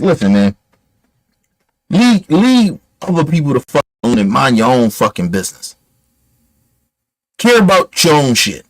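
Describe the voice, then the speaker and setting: A man's voice: high voice, rough recording. A man giving a heated, profane commentary rant, blunt and emphatic, firing off rhetorical questions. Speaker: online commentator.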